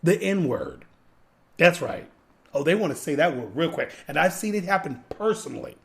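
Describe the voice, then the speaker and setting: Guy with a pretty high voice going off on a rant, loud and preachy, repeats himself a lot. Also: animated, normal speed, gravelly. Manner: emphatic, repetitive, preachy. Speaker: podcast host. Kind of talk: ranting commentary.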